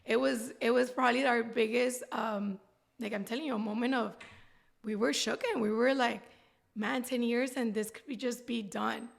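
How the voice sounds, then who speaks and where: In a candid interview, a woman in her thirties shares her story, rambling and heartfelt and laughing a lot. Her voice is fairly high with vocal fry, steady in tone, at a normal speed.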